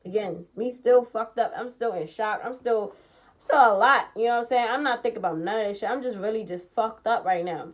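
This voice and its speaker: A young woman tells a personal story in a casual storytime vlog, heated and profane, acting out the dialogue with lots of animation. Her voice sits on the high side, and she talks fairly quickly with few pauses.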